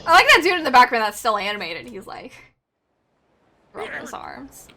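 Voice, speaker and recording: A woman's voice: high-pitched, very animated, normal speed, sharp tone. A woman streamer playing a game and making playful asides. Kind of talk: let's play commentary.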